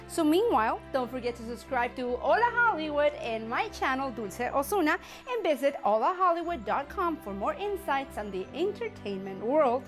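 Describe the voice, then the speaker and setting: Lively high-voiced woman host. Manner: upbeat, promotional sign-off. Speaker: entertainment show host. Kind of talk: presenting a film review.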